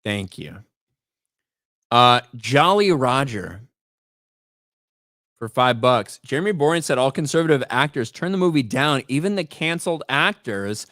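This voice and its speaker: Very animated yet unhurried, a male stream host talks in a mid-range, fairly bright voice, pausing often, recorded at studio quality with no room sound. His casual commentary is blunt and profane; he repeats words as he begins sentences and reads chat names aloud.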